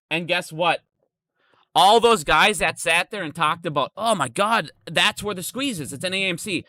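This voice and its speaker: A man's voice: high-pitched, bright, forceful tone, dry recording, studio quality. Heated, profane man ranting about stocks. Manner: explains with repeated restarts. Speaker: stock market video host. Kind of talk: unscripted stock commentary.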